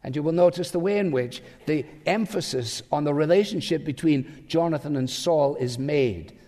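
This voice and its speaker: A man's voice: on the high side, normal speed, warm tone. A man preaching a sermon as pastor, emphatic and full of rhetorical questions. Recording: long hall reverb.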